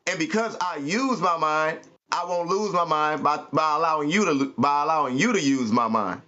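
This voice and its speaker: A man with a high, bright, sharp-edged voice delivers a spiritual pep talk with preachy emphasis and plenty of street slang and cursing. The audio is muffled and lo-fi. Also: normal speed. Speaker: podcast host.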